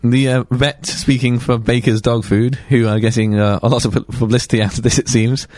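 A man's voice: medium pitch, flat delivery, a little fast, darkish tone, no room sound. A man co-hosting a podcast, chatting casually with dry wit and stumbling restarts. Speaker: podcast co-host. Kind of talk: casual comedic chat.

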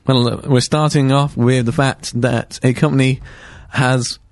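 A man's voice: mid-range voice, steady tone, unhurried, no echo. A man co-hosting a podcast, chatting casually with dry wit and stumbling restarts. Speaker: podcast co-host. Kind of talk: casual comedic chat.

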